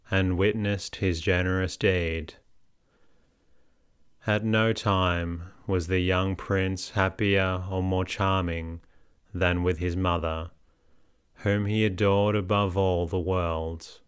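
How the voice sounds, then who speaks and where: A man narrating an audiobook in a measured, steady way. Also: sits low, smooth, no room sound, studio quality.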